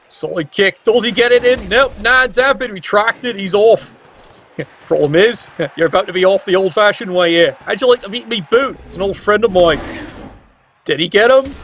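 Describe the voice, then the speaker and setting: A man's voice: high-pitched, fairly bright tone, muffled recording. A man doing casual, wry play-by-play commentary on a game stream, teasing the players with exclamations.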